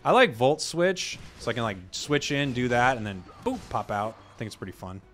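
A young man casually commenting on his matches as he plays, rambling and telling deadpan joke stories. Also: medium pitch, normal speed, faint music behind. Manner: rambling, joking, deadpan tall tales. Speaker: gaming channel host.

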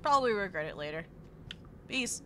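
A woman's voice: mid-range voice, very animated, normal speed, bright, forceful tone, a little hiss or hum. A woman streaming a live let's play, talking in a cutesy, jittery way and often whimpering that she is scared.

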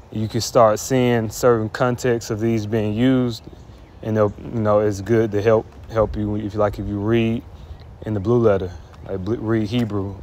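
A man with a fairly low voice teaches a grammar lesson in a loose, unscripted way. He restarts his sentences and says points over and over. A faint hiss of noise sits under his voice. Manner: informal, repeats himself, restarts often. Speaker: Hebrew teacher. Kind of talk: casual spoken lesson.

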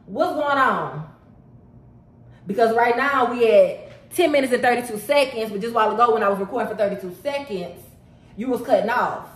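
A woman's voice: fairly high pitch, fast. Chatty woman vlogging at home. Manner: chatty and animated, keeps addressing viewers as y'all, girl and baby. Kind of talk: casual get-ready-with-me chat to camera.

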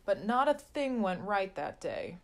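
Woman reading a children's picture book aloud, sing-song rhymes, slow pace, mid pitch. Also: big pitch swings, a little hiss or hum. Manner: sing-song rhyming delivery. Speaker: storybook reader.

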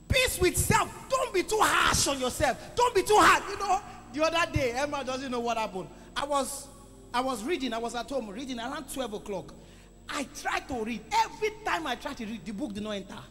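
A man preaching a sermon to a congregation, calling for responses and swinging between loud exclamations and quiet asides. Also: extremely high pitch, lively intonation, a little fast. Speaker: pastor. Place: church hall. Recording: echoey church hall with music.

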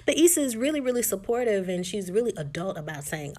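A woman chatting through a recap of a TV episode, full of "like" and "just", jumping into characters' lines with sudden shifts in pitch. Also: very animated, quick pace, a little mellow. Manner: chatty, filler-heavy retelling with lots of "like" and "just". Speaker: TV recap vlogger.

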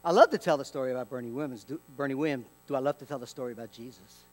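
A man preaching a sermon as pastor, telling stories with lively acted-out dialogue and dropping to a hushed tone for emphasis. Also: medium pitch, rapid-fire. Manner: animated storytelling, acts out dialogue.

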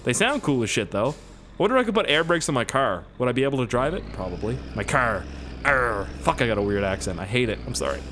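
A gaming YouTuber talks fast and with great animation while playing a driving game, his commentary casual, profane, and rambling. His voice is medium in pitch. Loud engine noise from the game's vehicles fills the background.

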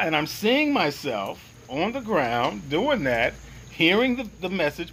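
Earnest high-voiced man telling his story. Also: big pitch swings, measured pace, a bit bright, a little hiss or hum, low-quality recording. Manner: earnest, reflective, searching for words. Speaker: guest sharing a personal experience. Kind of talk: first-person storytelling.

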